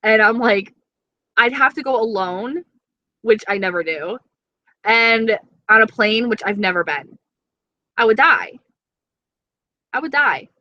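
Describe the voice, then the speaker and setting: A woman's voice: fairly high pitch, lively intonation, unhurried, long pauses, no echo, muffled recording. A young woman chatting casually with viewers on a live stream, gushing and dramatic.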